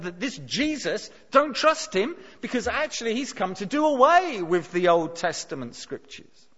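A man preaching a sermon, emphatic and expressive, dropping his voice low for dramatic lines. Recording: dull sound with long hall reverb.

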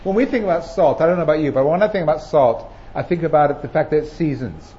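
A man's voice: fairly high pitch, quick pace, dark tone. A man preaching a sermon as pastor, earnest and emphatic, building points through repetition. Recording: muffled recording with faint noise.

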